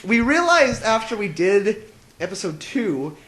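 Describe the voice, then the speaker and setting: High-voiced young man hosting a podcast. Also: big pitch swings, a little slow, fairly bright tone. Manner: joking, laughs often, trips over his words. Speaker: podcast host. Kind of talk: casual chat.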